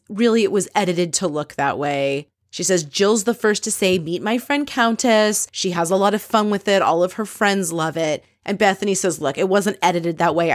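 Woman host, frank and chatty, low-pitched voice, dry recording. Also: no echo. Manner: opinionated, candid, swears freely, quotes others in quick asides. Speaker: podcast host recapping a reality show. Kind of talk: casual recap commentary.

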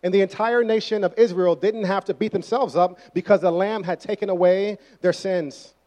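A man's voice: high voice, fairly even intonation, normal speed, a little mellow, dull audio. Conversational young male preacher. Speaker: pastor. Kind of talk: sermon.

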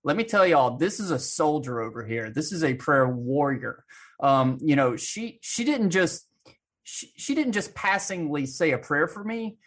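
A man's voice: a little high, very animated, measured pace. A man in his thirties with a Southern American accent, earnestly chatting on a stream panel. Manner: earnest, storytelling with quoted voices. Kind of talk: casual chat.

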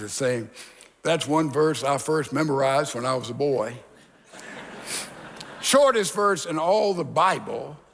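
A man's voice: sits high, fairly bright tone. A man preaching a radio sermon, reading scripture aloud and explaining it in an earnest, emphatic way that lingers on key words. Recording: long hall reverb with faint music.

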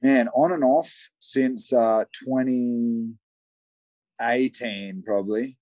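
A man's voice: mid-range voice, fairly even intonation, slow, warm tone, no echo. Young Australian man rambling from a shed. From Australia, Southeast Queensland. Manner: rambling, friendly, many fillers. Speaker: guest on a call. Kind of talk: casual conversation. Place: backyard shed. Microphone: remote call.

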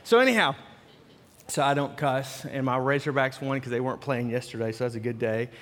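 A man's voice: mid-range voice, brisk. A man who is a senior pastor, preaching a sermon in a loose, conversational way full of restarts and asides. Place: church sanctuary with live congregation. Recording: long hall reverb.

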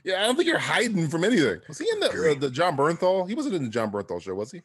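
A man's voice: on the high side, huge pitch swings, rapid-fire, a loud crowd. A man chatting casually over a movie, sarcastic and teasing, swearing now and then. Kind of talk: casual movie commentary chat.

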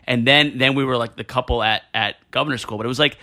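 A man telling animated stories from his school days in casual chat, with many fillers and restarts. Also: medium pitch, fast, few pauses. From New Jersey.

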